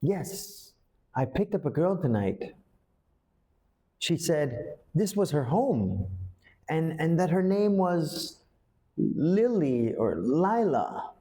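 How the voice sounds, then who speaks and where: A man's voice: high-pitched, big pitch swings, slow pace, pauses often, a little mellow, roomy sound, pitched above the performer's own voice, full character voice. A man playing a startled adult male driver in a school ghost play, reading the script lines aloud with a raised, wide-eyed rehearsal delivery. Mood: hesitant.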